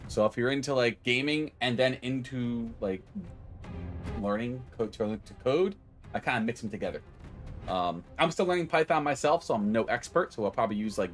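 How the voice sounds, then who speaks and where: A man streaming casually, rambling cheerfully, greeting viewers by name and joking at his own expense. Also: fairly low pitch. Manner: self-deprecating, loses his train of thought. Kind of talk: casual live-stream chat.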